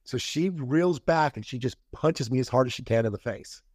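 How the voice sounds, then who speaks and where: A man's voice: medium pitch, moderate pace, a little mellow, no echo, studio quality. A middle-aged man as a podcast guest, candidly telling a personal story in casual conversation and acting out the quoted lines. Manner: candid, acts out quoted dialogue.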